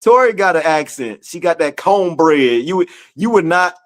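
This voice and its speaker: A man's voice: on the high side, animated, normal speed. A man leading a casual Bible study. He reads verses aloud and talks straight to his audience. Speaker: scripture study teacher.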